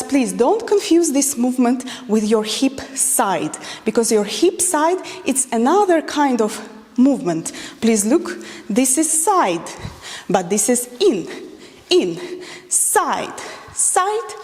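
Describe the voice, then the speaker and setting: High-voiced dance teacher counting beats. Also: female voice, a little mellow. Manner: counts beats aloud while demonstrating moves. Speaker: dance instructor. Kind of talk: instructional dance lesson with counting. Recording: long hall reverb.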